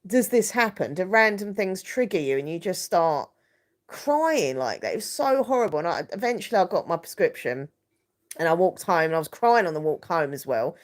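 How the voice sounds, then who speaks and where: A woman's voice: lowish voice, expressive, moderate pace. A woman hosting a live stream, talking in a rambling, emotional, confiding way with many fillers.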